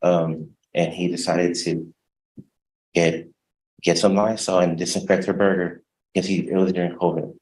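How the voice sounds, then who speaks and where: A man testifying as a defendant in court, hesitant and soft-spoken, halting over his words. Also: low-pitched, little pitch movement, slight background noise, poor audio.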